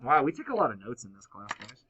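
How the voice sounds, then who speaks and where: A man teaching a high school math class, explaining step by step and teasing his students. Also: sing-song, fast talker, bright, forceful tone, muffled recording. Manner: playful, teasing banter with students. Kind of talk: classroom lecture.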